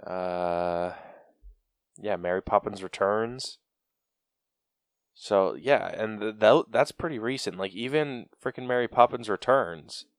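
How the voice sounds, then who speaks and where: A man co-hosting a casual podcast, his voice sitting on the low side and his talk unhurried and drawn out. He rambles through his points with plenty of fillers and the odd laugh. The sound is dry and close, with no room around it. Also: smooth, no echo. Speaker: podcast co-host. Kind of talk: casual chat.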